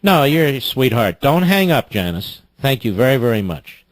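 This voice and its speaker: A man's voice: mid-range voice, big pitch swings, moderate pace, dry recording. A man hosting a talk radio show, emphatic and opinionated as he takes callers.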